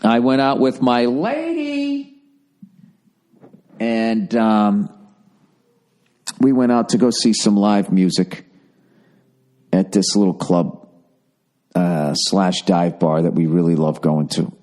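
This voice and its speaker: A man's voice: sits low, slow pace, long pauses. A man hosting a podcast, telling a story in a casual, profane way and acting out the voices of the people in it. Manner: profane, animated retelling with quoted voices. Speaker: podcast host. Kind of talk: casual comedic storytelling monologue.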